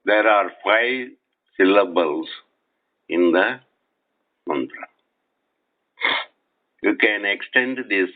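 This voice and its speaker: Slow, low-voiced man on a tinny phone. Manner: slow, deliberate, repeats and spells out words. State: lying down in bed. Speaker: spiritual teacher. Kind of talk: spiritual lecture. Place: bedroom at night. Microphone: cell phone resting on his chest.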